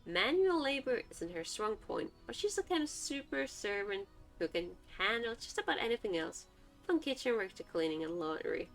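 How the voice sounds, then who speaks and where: A woman's voice: mid-range voice, vocal fry. A woman streamer reading a visual novel aloud, breaking off for chatty, laughing asides. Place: home streaming setup. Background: faint background music.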